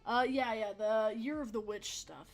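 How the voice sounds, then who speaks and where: A woman's voice: fairly high pitch, normal speed, faint music behind. A young woman chatting casually on a game livestream, rambling, swearing freely and laughing often. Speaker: game streamer. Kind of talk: casual livestream chat over gameplay.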